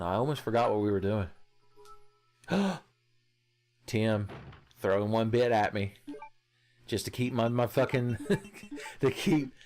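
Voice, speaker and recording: A man's voice: mid-range voice, a little mellow. A young man casually commenting on a video game as he plays, swearing and joking with his chat and laughing often. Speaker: streamer.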